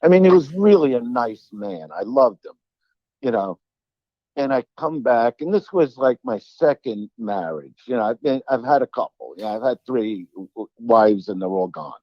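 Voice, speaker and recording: A man, a comedian telling profane, animated stories as an interview guest. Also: mid-range voice, moderate pace, dry recording, lo-fi sound. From Brooklyn, New York. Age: 60s. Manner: animated, profane, acts out quoted dialogue. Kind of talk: storytelling in an interview.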